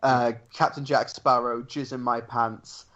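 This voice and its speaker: A man's voice: mid-range voice, level tone, measured pace, pushed and bright. Casual podcast guy from the UK, ums a lot, muffled lo-fi sound. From United Kingdom. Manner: rambling, hesitant with many ums. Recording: dull lo-fi audio.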